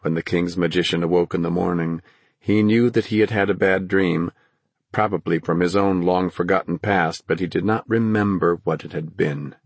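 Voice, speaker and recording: A man narrating a fantasy audiobook in a measured, dramatic storytelling manner. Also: sits low, steady tone, no echo.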